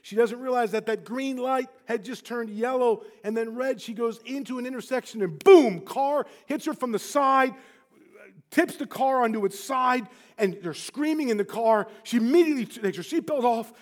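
Male preacher, high light voice, storytelling sermon that dips hushed then surges passionate. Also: moderate pace. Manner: wide swings from hushed to impassioned.

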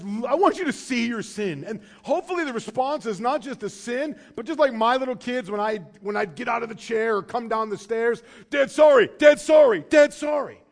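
A man preaching a sermon as pastor, swinging between loud urgent pleading and quiet low asides.

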